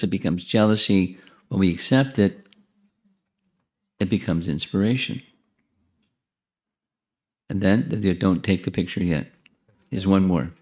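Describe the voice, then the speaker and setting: A deep-voiced man lecturing on spiritual teachings, talking in a loose, conversational way. He often restarts his phrases and turns to the audience with friendly asides. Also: a little mellow. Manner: repeats and restarts phrases while thinking. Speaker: monk giving a spiritual talk.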